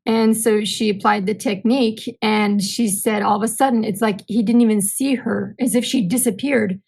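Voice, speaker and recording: A woman's voice: medium pitch, moderate pace, creaky, husky, low-quality recording. A woman guest on a podcast, telling anecdotes animatedly and acting out bits of dialogue. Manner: animated storyteller, acts out dialogue. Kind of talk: casual conversational interview.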